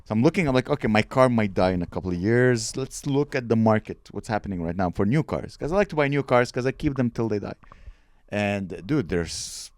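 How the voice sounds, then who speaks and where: A young man co-hosting a casual comedy podcast, telling stories with lively acted-out voices. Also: on the low side, a little fast, no room sound. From Montreal, Canada. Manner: animated storytelling with acted-out voices and laughs.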